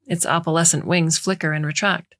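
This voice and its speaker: A woman narrating a short story in a measured, even way. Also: lowish voice.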